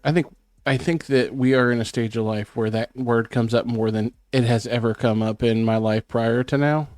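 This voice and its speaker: A man's voice: medium pitch, fairly even intonation, normal speed, darkish tone, dry recording, clean studio sound, soft background music. A man co-hosting a podcast in casual chat, a bit sick and rambling, self-conscious. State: sick, throat clearing. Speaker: podcast co-host.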